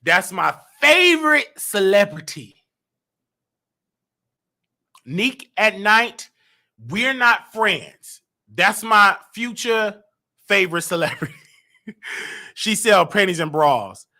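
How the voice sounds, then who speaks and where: A man with a high, piercingly bright voice runs a live call-in show. He teases his callers and jumps from low mutters up to shouts. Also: animated, slow pace, long pauses. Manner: loud, teasing, swings to shouting. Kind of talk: casual call-in banter.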